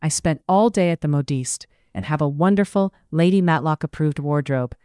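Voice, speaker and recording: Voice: mid-range voice, normal speed, warm tone, clear, resonant tone, no room sound, studio quality, lightly acted. Narrator doing a composed eldest daughter. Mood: patient. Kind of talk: audiobook character voice.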